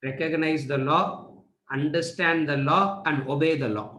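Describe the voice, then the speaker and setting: A man gives a lecture to students, asking rhetorical questions and answering them. His voice sits a little high for a man. The recording carries a noticeable room echo. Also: steady tone, a little slow, sharp tone. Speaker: spiritual teacher. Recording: echoey room.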